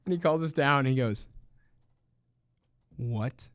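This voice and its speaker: A man in his thirties, a teacher telling a funny story in an interview, lively and laughing often. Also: fairly high pitch, fast, smooth, no room sound, clean studio sound. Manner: animated, laughs often, acts out quoted voices.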